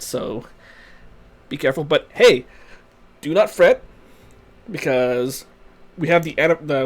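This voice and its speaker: A young man hosting a game stream, chatting loosely with viewers and rambling between story lines. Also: on the high side. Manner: chatty, rambling, restarts, answers chat. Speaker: gaming channel host. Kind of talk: casual game stream commentary.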